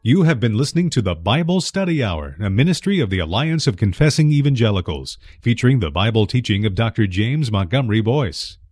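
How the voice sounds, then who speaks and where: A man reading a scripted radio ministry outro in a smooth announcer manner. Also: fairly low pitch, sing-song, fairly quick, few pauses, a little mellow, dry recording, clean studio sound, soft background music.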